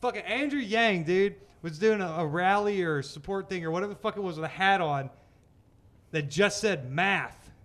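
A man in casual, profane chat with friends, animated and laughing often. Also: high-pitched, normal speed, a little hiss or hum.

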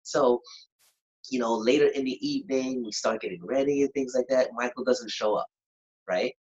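A singer and performer telling a story in a lively, animated way, acting out moments and humming bits of songs. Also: male voice, mid-range voice, moderate pace. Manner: animated, acts out moments, sings snippets. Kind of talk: casual storytelling. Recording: dull lo-fi sound.

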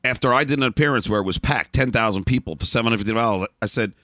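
A middle-aged man as an interview guest, telling candid stories in a blunt, animated way, often restarting and repeating words. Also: medium pitch, very fast, dry recording, studio quality. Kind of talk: candid storytelling in a conversation.

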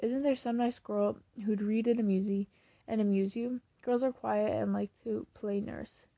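A woman voicing a bold, lively teenage girl who talks in a brisk, cheerful way. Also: mid-range voice, vocal fry, no echo.

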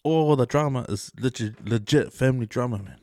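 A man's voice: medium pitch, a little fast, warm tone, no echo, studio quality. Laid-back man telling stories. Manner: laid-back storytelling, mimics others in quotes. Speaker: podcast co-host. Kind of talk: casual chat.

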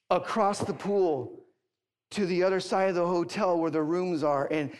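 A middle-aged male pastor preaching a sermon, telling a story with big jumps up in pitch when excited and dropping quiet for serious points. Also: normal speed, smooth. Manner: animated storytelling, voice leaping high when excited.

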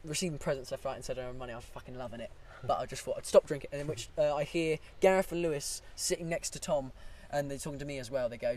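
A man's voice: medium pitch, fast, few pauses, darkish tone, slight background noise. A man, co-hosting a casual drinking podcast, telling a long story and swearing freely. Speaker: podcast co-host.

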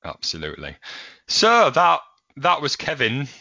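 A man's voice: medium pitch, huge pitch swings, unhurried, vocal fry, sharp tone. A young man co-hosting a podcast, chatting casually and animatedly with laughs as he retells scenes. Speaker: podcast co-host. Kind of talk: casual chat.

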